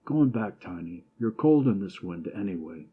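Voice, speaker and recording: A man's voice: low voice, expressive, moderate pace, husky, narrow, tinny audio. A man voicing a nervous, irritable young husband who complains anxiously.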